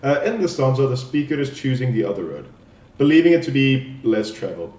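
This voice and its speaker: A man presenting a spoken poem analysis as a student assignment, explaining in a halting way with restarts. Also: mid-range voice, sing-song, darkish tone. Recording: echoey room, distant mic.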